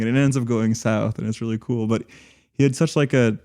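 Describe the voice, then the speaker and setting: A man's voice: mid-range voice, fairly even intonation, brisk, warm tone. A man co-hosting a podcast, talking casually and rambling, with many fillers and restarts. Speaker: podcast co-host.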